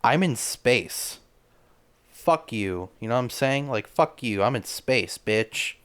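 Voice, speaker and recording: A man's voice: medium pitch, expressive, measured pace, a bit bright, clean tone. A man hosting a podcast, delivering a rambling, stammering comedic monologue full of crude jokes. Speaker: podcast host.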